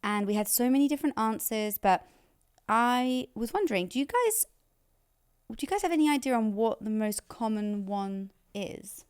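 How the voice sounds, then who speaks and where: A woman's voice: on the high side, expressive, normal speed, darkish tone, clean tone. A woman co-hosting a podcast, chatty and wry, often laughing. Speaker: podcast co-host. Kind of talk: casual chat.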